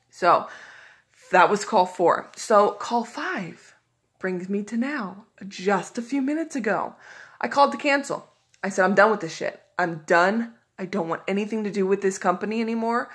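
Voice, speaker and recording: A woman talks straight to her audience in a loose, conversational vlog style. Her voice sits at an ordinary middle pitch, and her frustration and exasperation come through as she retells what happened. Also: fairly bright tone, breathy edge. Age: adult. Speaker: vlogger. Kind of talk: casual storytelling to camera.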